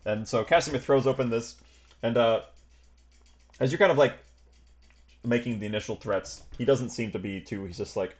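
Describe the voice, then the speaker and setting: A man's voice: mid-range voice, moderate pace, long pauses, a little mellow. Rambling game master, man. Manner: rambling, full of hedges and fillers. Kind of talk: narrating a tabletop game.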